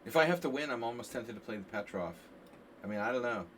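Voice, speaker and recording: Chess streamer man, mid pitch, chatty and rambling; mic a bit far off, faint hiss behind. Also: fast. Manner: rambling and animated, frequent "like" and "you know". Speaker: chess coach streaming a lesson. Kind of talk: casual live-stream commentary.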